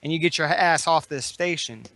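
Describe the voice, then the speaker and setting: A pompous, blustering smuggler captain, voiced by a man at a tabletop game. He speaks slowly and haughtily in a high, bright voice. The recording is close and dry. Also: dry recording. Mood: threatening. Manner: slow, haughty and threatening.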